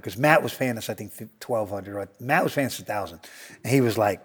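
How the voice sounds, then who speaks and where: A man's voice: lowish voice, a little fast, a bit bright, slightly rough, long reverb tail. A man telling a story in a casual interview, acting out quotes, laughing often and swearing freely. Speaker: guest storyteller.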